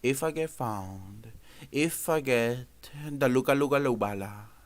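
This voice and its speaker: A man hosting a live political commentary stream, talking in an emphatic, loose way with sudden loud outbursts. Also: mid-range voice, a little slow.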